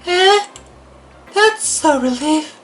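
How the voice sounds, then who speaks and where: A man doing a breathy, high-voiced shy schoolgirl. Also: lively intonation, extremely slow, faint music behind, full character voice. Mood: flustered, shy. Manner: gentle, thoughtful, a little hesitant. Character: shy, formal teenage girl, soft-spoken bookworm.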